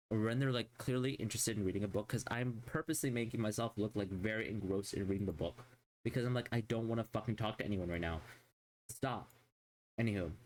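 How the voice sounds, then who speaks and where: A man's voice: medium pitch, a little mellow. A man streaming a casual chat, rambling and swearing constantly as he rants in exasperation.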